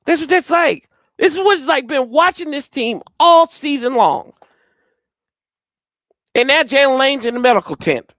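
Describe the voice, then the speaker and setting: A man hosting a live game watch party, reacting excitedly and rambling into jokes. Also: extremely high pitch, moderate pace, pauses often, no echo, studio quality. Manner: excitable, rambling, joking, teases the players. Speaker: host of a watch-party stream.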